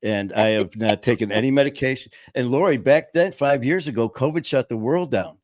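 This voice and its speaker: A man's voice: mid-range voice, brisk, a little mellow, no echo. A man with a Boston accent, hosting and telling his own story in an emphatic, plain-spoken way. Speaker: podcast host. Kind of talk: casual storytelling interview.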